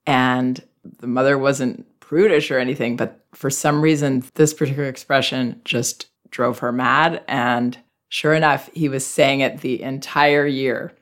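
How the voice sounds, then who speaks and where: Answering a listener's letter on her parenting advice show, a middle-aged woman speaks in a rumbling low voice at a measured pace. Her manner is calm, gentle and thoughtful.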